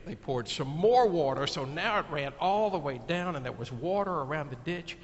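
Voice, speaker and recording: Male pastor, children's sermon, animated storyteller; echoing church, dull muffled sound. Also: fairly high pitch, normal speed. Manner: animated, shouts quoted cries. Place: church sanctuary.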